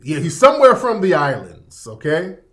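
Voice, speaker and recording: A man's voice: on the high side, wildly swooping pitch, moderate pace, fairly bright tone. A man in a casual livestream rant, emphatic and profane, repeating his points over and over. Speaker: livestream commentator.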